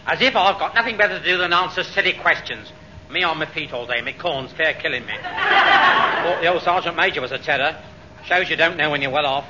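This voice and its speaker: Put-upon lift attendant, high-pitched grumbler, muffled hissy old broadcast. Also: male voice, sing-song, a little fast. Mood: grumbling. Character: grumbling working-class male lift attendant. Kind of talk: 1950s radio sitcom acting.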